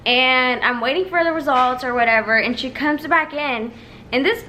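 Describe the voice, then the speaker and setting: A woman's voice: sits high, normal speed, pushed and bright, a little hiss or hum, low-quality recording. A woman in her early twenties chatting casually to her viewers, emotional and laughing as she tells stories. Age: 20s. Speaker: vlogger. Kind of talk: casual chat.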